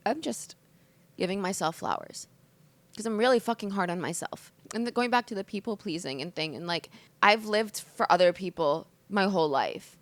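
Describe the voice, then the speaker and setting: With a mid-range voice at a moderate pace and no room sound, a podcast host from the United States in her twenties talks alone, candid and expressive. She's emotional and hungover, cursing often and leaning heavily on "like."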